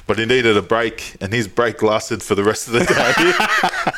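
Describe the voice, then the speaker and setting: A man's voice: mid-range voice, lively intonation, unhurried, heavy background noise. A young man co-hosting a podcast, telling stories in loose casual chat and laughing often. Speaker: podcast co-host.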